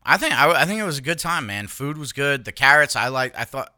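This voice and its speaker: A man with a very bright, forceful voice that sounds smooth and crisp. He chats casually on a podcast, teasing his friend and laughing often. The sound is dry and close, with little room echo. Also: mid-range voice, expressive, brisk. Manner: laughs often, teasing storyteller, swears freely. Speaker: podcast co-host. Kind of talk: casual chat.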